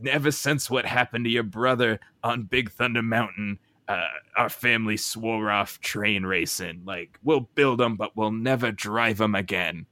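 A man's voice: fairly low pitch, steady tone, a little slow, hardly any pauses, sharp tone, no room sound. A man putting on the voice of a stern old western train engineer father, with a cowboy drawl. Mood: solemn.

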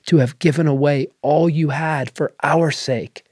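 A man voicing a tender elderly sister who speaks softly. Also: a little high, fairly even intonation, measured pace, slightly rough, dry recording, clean studio sound. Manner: soft, tender.

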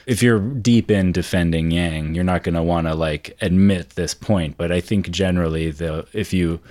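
Deep-voiced man talking politics. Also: a little mellow, no echo. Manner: measured, conversational, uses lots of fillers. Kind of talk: casual political debate.

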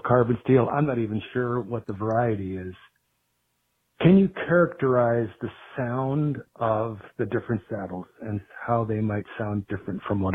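A man's voice: mid-range voice, husky. Methodical male caller on a tinny phone line. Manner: methodical, listing questions in order. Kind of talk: recorded phone message.

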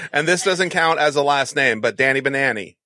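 A man hosting a casual podcast chat, joking around and stumbling over names as he reads out shout-outs. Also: fairly high pitch, slight background noise. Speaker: podcast host.

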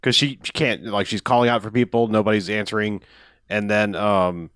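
A man's voice: on the low side, steady tone, normal speed, fairly bright tone, no room sound, studio quality. A man co-hosting a casual film recap chat, rambling with many fillers and stopping to correct himself. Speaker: podcast co-host.

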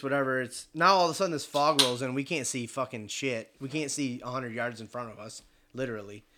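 A young man casually telling a hunting story, animated and swearing freely as he acts out other people's voices. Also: medium pitch.

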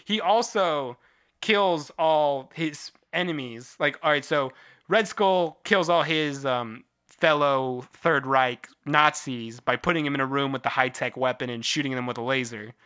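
Animated young man, bright tone. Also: medium pitch, a little slow, clear, resonant tone. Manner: animated, laughs often, acts out quotes. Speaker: co-host reviewing a film. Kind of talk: casual chat.

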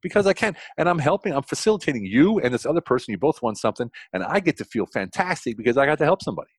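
A middle-aged American man, a consultant guest on a podcast, telling stories with lots of energy, restarting sentences and leaping up in pitch for emphasis. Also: big pitch swings, breathy edge, no echo. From United States. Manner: fast, enthusiastic, frequent restarts, jumps high in pitch for emphasis. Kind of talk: animated storytelling interview.

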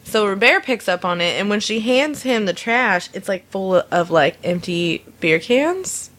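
A woman tells a funny story about a day at work in a relaxed, chatty way. She is animated and acts out the people she quotes. She laughs often as she goes. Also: medium pitch, measured pace. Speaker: storyteller recounting a work incident. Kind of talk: casual anecdote.

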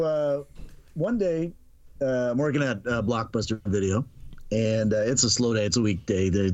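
A middle-aged man telling a story on a podcast, casual and animated, acting out the dialogue and laughing often. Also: on the low side, no room sound. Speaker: podcast guest.

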